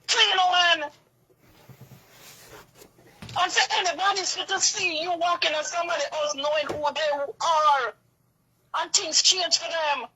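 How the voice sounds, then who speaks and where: A woman's voice: extremely high pitch, fairly even intonation, a little slow, pauses often, pushed and bright, a little hiss or hum, rough recording. A woman with a Jamaican accent delivering an impassioned, repetitive rant in a video. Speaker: vlogger.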